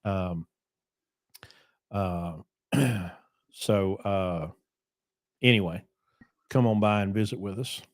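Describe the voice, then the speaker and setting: A man's voice: low voice, takes it slowly, pauses often, dry recording, clean studio sound. A man hosting a casual trucking podcast, talking loosely with plenty of ums and asides. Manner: loose, rambling, with many ums. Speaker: podcast host.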